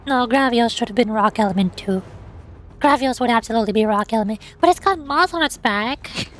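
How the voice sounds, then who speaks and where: A woman's voice: a little high, brisk, a little hiss or hum. A young woman streaming a game from home, chatting casually and bubbly, with lots of jokes and squeals.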